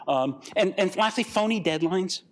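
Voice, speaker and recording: An older man giving a conference talk, animated and rambling, acting out the voices of the people in his stories. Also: high-pitched, normal speed, a little hiss or hum. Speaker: guest speaker.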